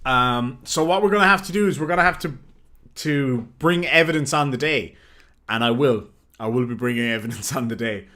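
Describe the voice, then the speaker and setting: A man's voice: mid-range voice, a little fast, sharp tone. Brash, swearing livestream man. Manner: playfully combative, swears freely. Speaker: livestream host. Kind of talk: casual livestream chat, reading viewer messages.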